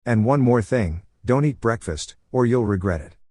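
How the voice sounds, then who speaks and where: A man reading the lines of a laid-back, teasing adult male ninja teacher in an easygoing, unhurried way. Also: medium pitch, animated, a little mellow, dry recording, clean studio sound, close to an everyday voice.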